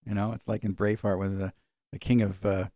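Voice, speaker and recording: A man teaching a sermon in a conversational way, slowing down when he quotes scripture. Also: fairly low pitch, level tone, mellow, no echo, studio quality. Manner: conversational, varies pace for emphasis, slows on scripture. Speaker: pastor.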